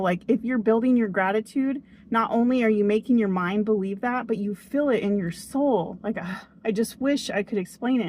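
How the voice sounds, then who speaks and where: A woman's voice: mid-range voice, darkish tone, a little hiss or hum. A young woman giving a motivational talk to camera, earnest and chatty, often checking in with "okay?". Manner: earnest and upbeat, chatty, frequent "okay?" and "oh my gosh". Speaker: vlogger. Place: outdoors near a tree.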